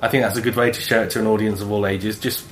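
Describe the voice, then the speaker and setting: A man's voice: on the low side, steady tone, racing, fairly bright tone. A man co-hosting a podcast in casual chat, reading out a listener email and laughing often. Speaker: podcast co-host. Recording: roomy echo with faint background hum.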